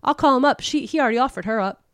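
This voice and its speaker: A woman's voice: high voice, rapid-fire, fairly bright tone, dry recording, studio quality, voice pushed up. A woman quoting Linda, a callous, profane villain. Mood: dismissive. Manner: blunt, profane and dismissive. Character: ruthless, callous woman who feeds people to a monster.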